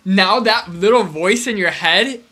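Bright-voiced curious podcast co-host. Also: medium pitch, unhurried, slightly rough. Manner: curious, musing, many fillers and repeated starts. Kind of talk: casual chat.

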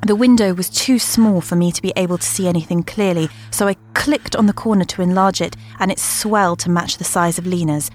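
A woman narrating a first-person horror story in a measured storytelling manner. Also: fairly low pitch, a little mellow.

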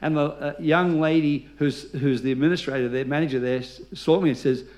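A man's voice: fairly high pitch, fairly even intonation, a little fast, a little mellow. A male pastor preaching a sermon, telling stories with humor and leading the congregation in call-and-response.

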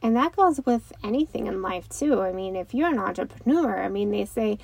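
A woman in her thirties, a mother and host, talking gently and reflectively in a casual way, with many fillers. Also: medium pitch, lively intonation, brisk, vocal fry, no echo, rough recording. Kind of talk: casual talk.

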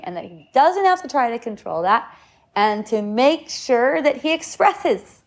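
Rambling middle-aged woman, slightly high voice. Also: sing-song, a little slow. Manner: rambling, repeats words, acts out shouts and quotes. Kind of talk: casual spiritual talk.

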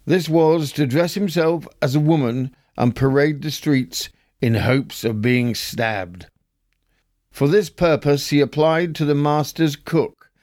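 A man hosting a podcast, reading old newspaper stories aloud with a measured, wry storytelling delivery. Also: mid-range voice, darkish tone, dry recording, studio quality. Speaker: podcast host.

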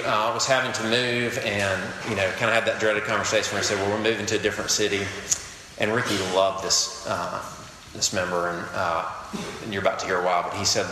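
A man's voice: medium pitch, reverberant, long reverb tail, noisy background. A man preaching a sermon to a campus group, earnest and conversational, weaving in stories and quotes. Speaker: campus ministry pastor.

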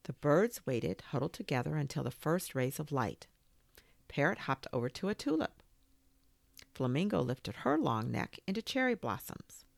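A woman reading a children's story aloud as a podcast host, gentle and expressive. Her voice sits low with a gravelly grain, moving slowly and rising and falling widely. The sound is close and dry. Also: no echo.

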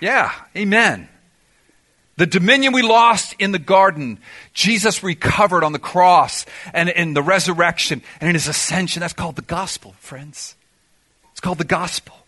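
A man's voice: high voice, moderate pace, sharp tone. A man preaching a sermon in an auditorium, emphatic, firing off rhetorical questions and answering them himself. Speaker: pastor.

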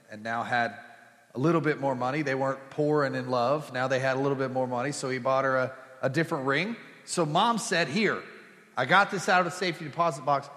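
A middle-aged man preaching a humorous sermon, telling a personal story in a chatty, joking way with squealed impressions. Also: sharp tone. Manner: chatty, jokey, with put-on high squeals for quoted women. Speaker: pastor. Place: church sanctuary. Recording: long hall reverb.

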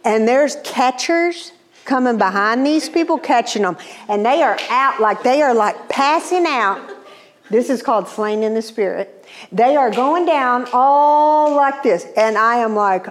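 A woman telling a personal testimony in an animated, exclamatory, humorous way. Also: fairly high pitch, unhurried. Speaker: speaker. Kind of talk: testimony storytelling.

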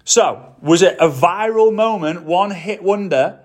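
A man's voice: sits high, unhurried. A man hosting a solo podcast, talking casually and enthusiastically straight to his listeners. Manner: upbeat, chatty, enthusiastic, addresses listeners directly. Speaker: podcast host.

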